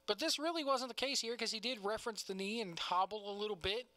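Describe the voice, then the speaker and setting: A man's voice: sits high, fast, bright, forceful tone, no room sound. A man co-hosting a casual wrestling review podcast, laughing often and talking in a loose, cussing way. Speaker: podcast co-host.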